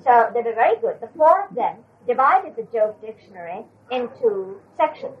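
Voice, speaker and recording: A woman's voice: a little high, very animated, moderate pace, a little hiss or hum. An older woman retelling an anecdote from memory, hesitant with fillers, on a dull lo-fi recording. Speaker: storyteller.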